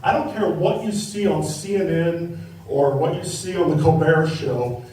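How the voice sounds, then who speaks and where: A middle-aged man performing a stand-up comedy set, telling stories with acted-out quotes and tacking on a quick "right?" after punchlines. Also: a little high, dark tone, far from the mic, a little hiss or hum. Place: comedy club stage. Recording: echoey club, mic from afar, faint crowd.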